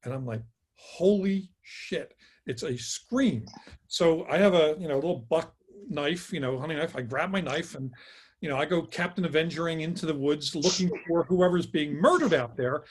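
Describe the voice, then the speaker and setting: A man telling a story in a casual chat on a video call, acting out the quotes with lively energy. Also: a little high, a little fast, breathy edge. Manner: animated, acts out quotes. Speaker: guest author.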